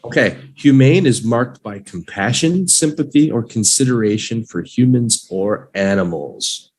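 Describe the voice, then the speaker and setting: Husky, lively-voiced man teaching vocabulary. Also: mid-range voice, poor audio. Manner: drills words slowly, playful and encouraging. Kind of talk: live online vocabulary lesson.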